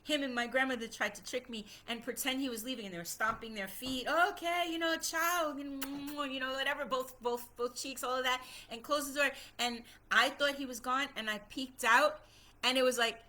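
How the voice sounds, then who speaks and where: Bright-voiced woman telling a story. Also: on the high side, normal speed. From Puerto Rico. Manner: animated, repetitive, conversational storytelling. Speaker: singer telling a childhood story. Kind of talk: personal storytelling monologue.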